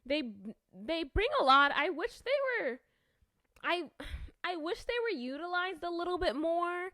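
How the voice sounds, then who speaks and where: A woman's voice: extremely high pitch, lively intonation, a little slow, sharp tone, no room sound. A young woman rambling casually through her thoughts, with lots of fillers and restarts. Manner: chatty, filler-heavy, self-conscious, restarts often. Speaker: video creator.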